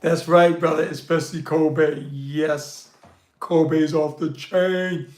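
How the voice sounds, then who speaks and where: A man's voice: a little high, fairly even intonation, slow pace, darkish tone, echoey room. A man hosting a casual livestream, reading viewer comments aloud and answering in a loose, slangy way with frequent laughs. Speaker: livestream host reading chat.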